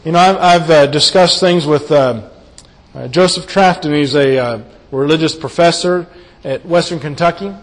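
A man preaching a sermon and working verse by verse through scripture. He speaks earnestly and drops to a quiet voice when he wants to stress a point. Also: a little high, moderate pace. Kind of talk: sermon, Bible exposition. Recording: long hall reverb.

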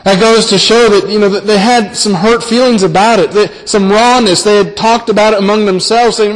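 In a large hall with long, ringing reverb, a pastor delivers an earnest sermon on a Bible passage in a fairly high voice. He repeats himself often and eases into a slower, softer delivery when he reaches key phrases.

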